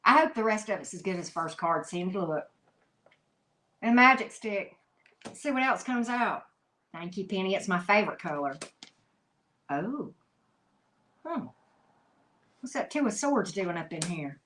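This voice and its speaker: A woman's voice: mid-range voice, lively intonation, unhurried, pauses often, fairly bright tone, slight background noise. A woman giving a live tarot reading, talking emphatically and chattily to her viewers, with frequent "mm-hmm" asides. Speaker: tarot reader.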